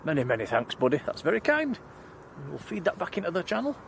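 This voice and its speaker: A man's voice: a little high, huge pitch swings, quick pace, creaky, background noise. A man hosting a live stream outdoors, chatting and thanking viewers by name. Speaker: livestream host. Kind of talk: live stream chat, reading comments. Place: outdoors at night near an airport.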